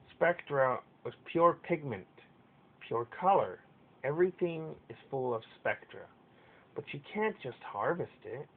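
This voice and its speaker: A man voicing a stern female pegasus overmare with a rough, authoritative voice. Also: close to an everyday voice. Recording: tinny lo-fi with faint rumble.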